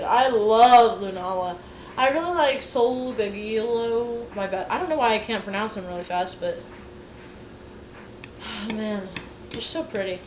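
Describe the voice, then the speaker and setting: A woman's voice: mid-range voice, noisy background. A tired young woman livestreaming as she cooks, chatting to her viewers in a rambling, playful way with sing-song asides. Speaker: livestreamer cooking for chat. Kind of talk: casual livestream chat while cooking. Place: home kitchen. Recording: clear kitchen clatter behind.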